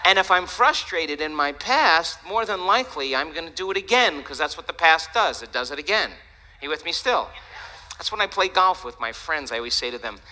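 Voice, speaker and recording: A man giving a lively, joking talk to an audience, chatty and animated. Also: a little high, moderate pace, rough recording. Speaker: speaker.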